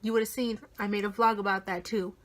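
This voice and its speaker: Young woman vlogger, 18, excited storytelling with heavy swearing and whispered asides. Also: mid-range voice, a little fast. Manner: animated, swears a lot, drops into whispers. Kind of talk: casual storytime vlog.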